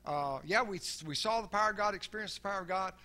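An older man delivers a sermon in a fairly high voice for a man. He talks earnestly and circles back on his own words. When he quotes others, his voice drops to a quiet murmur. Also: fast. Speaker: preacher.

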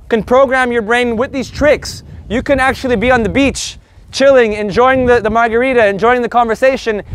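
A man teaching an energetic, joking online Spanish lesson, stretching words out slowly as he sounds them. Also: extremely high pitch. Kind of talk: lively online language lesson.

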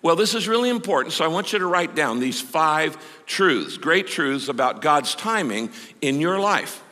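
A man's voice: fairly high pitch, very animated, sharp tone. A man in his sixties, a pastor, preaches a sermon in a conversational way, stretching out key words for emphasis. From United States. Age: 60s. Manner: conversational, with drawn-out emphatic phrases. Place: large church auditorium. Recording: long hall reverb.

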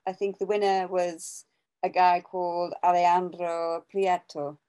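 A woman's voice: on the low side, level tone, unhurried, dark tone, clean tone, low-quality recording. An English woman co-hosting an art podcast, chatting casually, rambling with many restarts and small laughs. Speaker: podcast co-host and artist. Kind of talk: casual chat.

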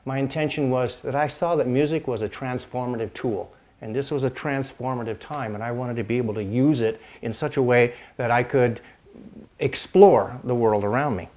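An older man, a show host, looks back on how he got started in music, speaking at an ordinary middle pitch. He meanders, repeats himself and restarts his sentences, and now and then breaks off to strum a few chords on his instrument. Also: moderate pace, darkish tone. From Pacific Northwest, United States. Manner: rambling, with frequent restarts and fillers; demonstrates chords while talking. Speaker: host and dulcimer player. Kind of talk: casual reminiscing monologue.

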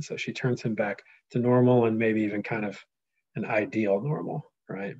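A man teaching a lesson, reading an epic poem aloud and pausing to explain it in a casual way, often checking in with "right?". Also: on the low side, lively intonation, vocal fry, darkish tone, slightly rough, muffled recording. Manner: reads dramatically, then explains casually with frequent "right?".

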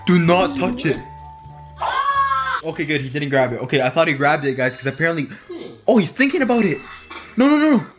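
A young man reacts out loud with wild, swooping excitement, his fairly high voice leaping between shouts and gasps. He throws in "yo" and "literally" constantly. Loud music plays underneath him. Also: brisk, pauses often. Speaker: YouTuber reacting to a video. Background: music playing.

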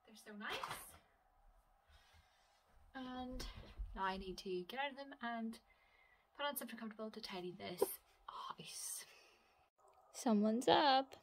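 A woman's voice: a little high, a little slow, long pauses, very noisy. A young woman, chatting casually at home as a mother vlogging, dropping into sing-song baby talk. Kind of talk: casual vlog chat. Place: at home, indoors.

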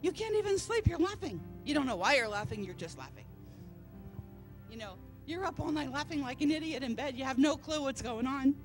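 A woman's voice: sits high, animated, fairly quick, soft background music. A woman preacher telling a personal testimony in a church service, storytelling and acting out the voices of people she quotes. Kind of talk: testimony sermon.

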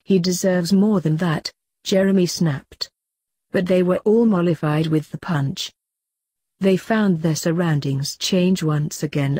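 A woman reading fanfiction aloud in a steady, even storybook manner. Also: on the low side, breathy edge, no room sound, clean studio sound. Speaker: fanfiction reader.

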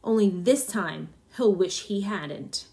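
Brief: woman voicing ruthless middle-aged husband, gruff, smug, harsh storybook villain. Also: medium pitch, slow pace, a little mellow. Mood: cold, smug.

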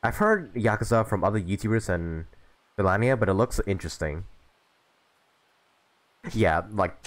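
A man with a deep voice streams a game live, chatting casually with viewers while he's sick with the flu and sniffling. He's laid-back and talkative and laughs a lot, with a slight hiss or hum in the audio.

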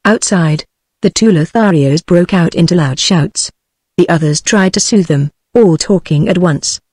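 A woman's voice: fairly low pitch, husky, no echo, clean studio sound. British woman narrating, synthetic voice. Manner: even, measured synthetic delivery. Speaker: audiobook narrator.

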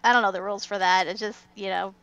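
A woman's voice: mid-range voice, fairly even intonation, fast talker, fairly bright tone, clear, resonant tone, no echo, soft background music. A woman co-hosting a casual fan discussion podcast, chatty and giggly, saying "like" a lot. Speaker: podcast co-host. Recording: dull, dry lo-fi mic.

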